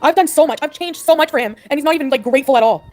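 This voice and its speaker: A woman's voice: high voice, racing, darkish tone, faint music behind. A woman talking in a casual live chat, upset and rambling with lots of "like"s. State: distressed. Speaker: livestreamer.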